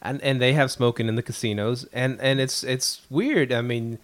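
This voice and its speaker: A man's voice: mid-range voice, fairly even intonation, normal speed. Laid-back man telling stories. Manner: laid-back storyteller, laughs often. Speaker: podcast co-host. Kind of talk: casual chat.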